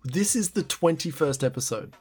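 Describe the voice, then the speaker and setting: A man's voice: on the high side, expressive, moderate pace, darkish tone, husky. A man, co-hosting a casual podcast in a chatty, self-deprecating way. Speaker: podcast co-host. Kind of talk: casual chat.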